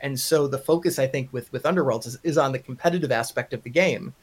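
A man's voice: medium pitch, quick pace, husky. Joking Long Island man. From Long Island, New York. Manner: exasperated, joking rants. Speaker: podcast host. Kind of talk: casual chat.

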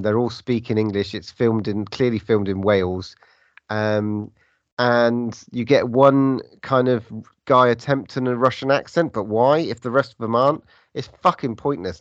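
A man co-hosting a film review chat, blunt and sweary, with deadpan jokes. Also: fairly low pitch, no echo. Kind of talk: casual chat. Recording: dry, dull lo-fi sound.

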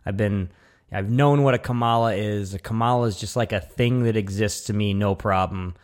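Male co-host, low-pitched, profane and animated, riffing in casual banter. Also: moderate pace. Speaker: podcast co-host. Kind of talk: casual comedic chat.

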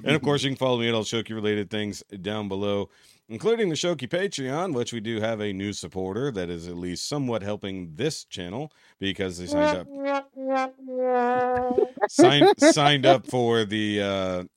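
A man's voice: fairly low pitch, big pitch swings, moderate pace, smooth. A man hosting a casual podcast chat, loose and profane, often laughing at his cohosts. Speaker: podcast host.

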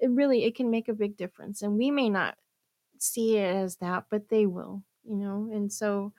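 A woman's voice: mid-range voice, steady tone, moderate pace, mellow, no echo. Earnest woman in casual chat, dry sound. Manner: earnest, faith-centered, many "you know"s.

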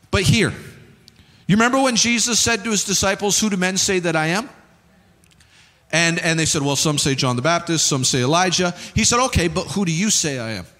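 A man preaches with a notably high voice, hammering home his point through repetition and short acted-out exchanges. His words ring out with a long reverb, as if he is speaking from the stage of a large hall. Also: bright, forceful tone. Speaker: pastor. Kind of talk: sermon.

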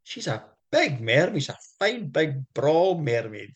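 A man, co-hosting a podcast and retelling folk tales in a playful, animated way with jokey asides. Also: fairly high pitch, unhurried, husky. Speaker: podcast co-host. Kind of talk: comic storytelling chat.

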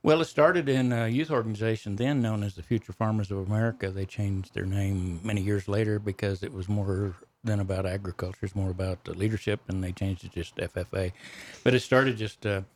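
An older man from the Texas Panhandle with a Texas accent, answering in a relaxed, folksy interview style. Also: on the low side, brisk. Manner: folksy, self-deprecating storyteller. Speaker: guest, economist and speaker.

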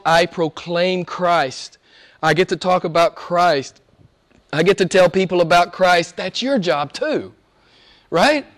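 Brief: male pastor, high voice, impassioned sermon delivery, drops soft then builds loud, repeats phrases for emphasis.

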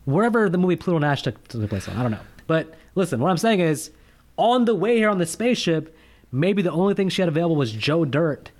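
A man's voice: on the high side, fast. A man co-hosting a casual movie review podcast, joking and ranting with rising emphasis. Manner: animated, jokey, rants with rising emphasis. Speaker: podcast co-host.

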